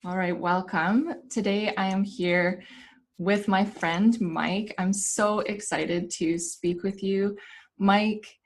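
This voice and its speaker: Husky-voiced woman hosting an interview. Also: on the low side. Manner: enthusiastic, effusive. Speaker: interview host. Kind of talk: warm casual interview hosting.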